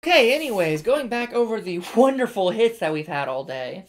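A woman's voice: mid-range voice, big pitch swings, normal speed, darkish tone. A woman hosting a card-opening video, chatting to viewers in a chatty, self-deprecating way. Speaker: card-opening channel host. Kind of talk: casual chat while opening card packs.

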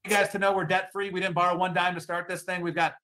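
Man, sales pitch, upbeat, rhetorical questions, bright, somewhat high. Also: level tone, fast, slight background noise. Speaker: company executive giving a sales pitch. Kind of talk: sales presentation.

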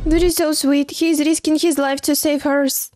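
Woman movie-reaction host, bright high voice, excitable and gasping, faint film music behind. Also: normal speed. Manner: excitable, gasping and exclaiming at the screen. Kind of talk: casual reaction commentary. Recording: film soundtrack playing behind.

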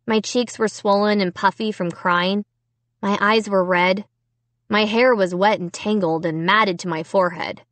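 A woman narrating a children's horror story in the first person with a dramatic, expressive reading. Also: mid-range voice, dry recording. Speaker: audiobook narrator.

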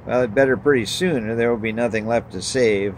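A man's voice: mid-range voice, fairly quick, slight background noise, lightly acted. A man voicing Daniel, a defiant male prophet who talks bluntly and sarcastically. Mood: exasperated.

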